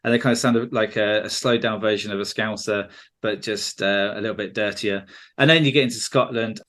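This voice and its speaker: A man's voice: on the low side, steady tone, a little fast, a bit bright. A man with a southern English accent hosting a podcast, chatting casually and joking. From England. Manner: chatty, jokey, slips into mock regional accents. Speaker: podcast host.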